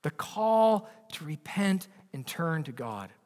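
A male pastor preaching a sermon earnestly, often restarting his words and moving between raised and hushed delivery. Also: fairly high pitch, very animated, slow pace, long reverb tail. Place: church sanctuary.

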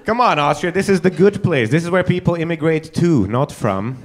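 Stand-up comic, male, fairly high voice, quick teasing crowd work, club stage mic. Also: lively intonation, noisy background. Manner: teasing, quick asides, frequent put-on quotes. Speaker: stand-up comedian hosting.

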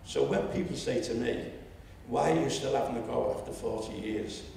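A man in his seventies with a Liverpool accent, telling a story at a public meeting and rising to loud indignation. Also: mid-range voice, normal speed, gravelly, slight background noise. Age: 70s. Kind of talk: impassioned public speech. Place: lecture hall. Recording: echoey hall, distant mic.

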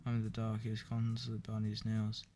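A man reading a joke book aloud in a flat, weary way, with profane asides. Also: lowish voice, quick pace, background noise. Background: clear background music.

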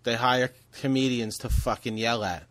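A man's voice: medium pitch, steady tone, normal speed, a bit bright. A man co-hosting a casual podcast chat, blunt and profane, often stammering on his words.

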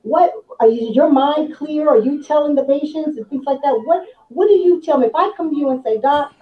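Chatty woman co-host, high voice, sounds far off and kinda muffled. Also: fairly quick. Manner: chatty, joking, asks questions. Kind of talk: live panel discussion. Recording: echoey, distant, dull sound.

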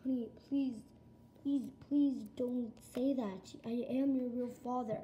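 A woman's voice: on the high side, steady tone, slow, noisy background. A female performer playing a worried pet father who pleads with his child, in a toy-pet home video role-play. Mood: pleading. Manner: pleading, soothing.

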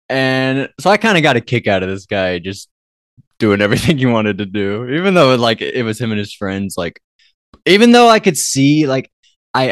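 A man's voice: mid-range voice, no room sound, clean studio sound. A man co-hosting a film podcast in casual chat, playful and rambling. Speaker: podcast co-host.

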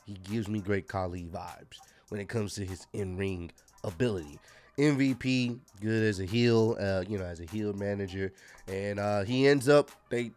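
A man's voice: medium pitch, a little mellow. Laid-back man reviewing wrestling, faint music. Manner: laid-back, frank, many fillers and restarts. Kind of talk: casual solo review talk.

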